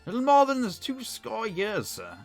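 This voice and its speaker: A man's voice: very high voice, wildly swooping pitch, unhurried, pitched above the performer's own voice, full character voice. A man with a Northern English accent reading the lines of an old, evasive male butler in a formal, polite manner, with faint music behind. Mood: courteous. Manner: polite, formal, read aloud.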